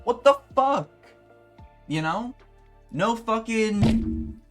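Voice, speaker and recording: A young man YouTuber ranting in a profane, exasperated way, with sudden loud outbursts. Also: fairly high pitch. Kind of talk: ranting commentary video.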